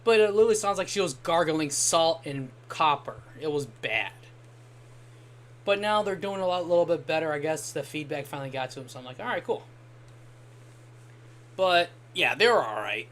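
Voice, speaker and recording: A man's voice: a little high, fairly bright tone, slight background noise. A young man chatting casually while streaming a game, telling long rambling stories and swearing now and then. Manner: rambling anecdotal storytelling, occasional swearing. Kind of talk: casual gaming stream chat.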